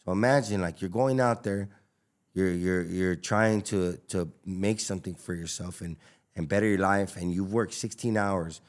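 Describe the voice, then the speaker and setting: A taco business owner from Los Angeles, USA, tells his story as a podcast guest in a casual storytelling style. He is emphatic and slangy, with many fillers and repeats, and his low-pitched voice moves at normal speed.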